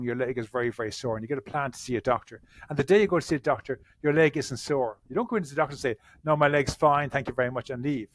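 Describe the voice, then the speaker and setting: Earnest man, halting restarts. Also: medium pitch, no echo. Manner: earnest, repeats words when starting sentences. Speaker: therapist, podcast guest. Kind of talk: conversational interview answers.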